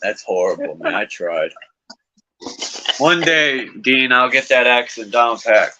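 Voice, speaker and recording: Bright-toned man, blunt and chatty. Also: medium pitch, animated, slow pace. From northeastern United States. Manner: blunt, swears casually, chatty. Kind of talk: casual chat. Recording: dry, dull lo-fi call audio.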